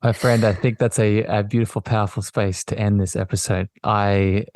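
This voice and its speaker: A man hosting a podcast, talking in a gentle, affirming way and often circling back over his words. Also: lowish voice, steady tone, moderate pace, dry recording. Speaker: podcast host. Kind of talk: reflective spiritual conversation.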